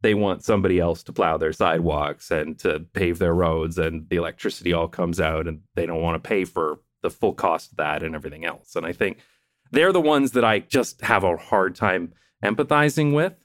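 A man with a very low, deep voice talks in a relaxed, explanatory way, chatting about towns and the countryside. The sound is dry and close, with no room echo. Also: fairly quick. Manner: explanatory, chatty, laughs often. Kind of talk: casual conversation.

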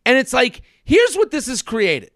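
High-voiced man telling a comic story. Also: a little slow, no echo, studio quality. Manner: animated, acts out other people's lines. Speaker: podcast host. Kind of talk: casual comedic storytelling. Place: studio.

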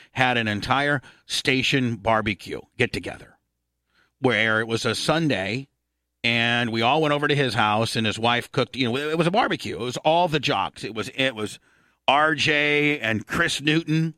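A middle-aged man from Indiana hosting a radio talk show, telling a long story, swearing freely and clearing his throat often. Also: medium pitch, bright, forceful tone, dry recording, clean studio sound.

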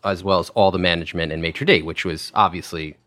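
A man's voice: low-pitched, steady tone, fast, a bit bright, no echo. A middle-aged man, a former wine director, telling rambling restaurant anecdotes in casual conversation, full of fillers and restarts. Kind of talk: casual podcast storytelling.

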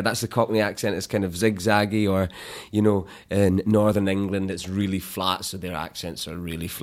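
Young Scottish actor guest, low-pitched, easygoing and reflective, trips over his words a little. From Scotland. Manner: thoughtful, halting with restarts, laughs easily. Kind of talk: casual interview.

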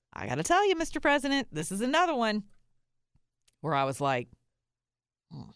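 Low-voiced woman with sarcastic political commentary. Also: smooth, no room sound, studio quality. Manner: animated, laughing, sarcastic asides.

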